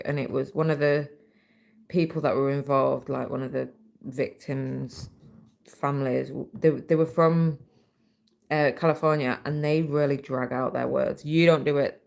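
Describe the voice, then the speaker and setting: A woman's voice: deep voice, vocal fry, a little mellow. A British woman hosting a casual livestream, chatting away and reading viewer comments aloud while she stitches, into a laptop mic. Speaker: livestream host.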